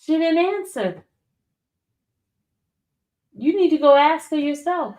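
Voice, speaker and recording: A woman's voice: high-pitched, lively intonation, slow pace, a little mellow. A woman chatting casually with her viewers and teasing her dog with playful questions.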